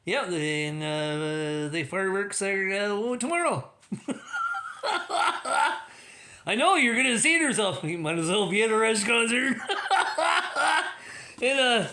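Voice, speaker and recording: A man's voice: high voice, normal speed, few pauses, pushed and bright. A man hosting a livestream, talking in a rambling, casual way with many restarts and laughing at his own jokes. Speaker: livestream host.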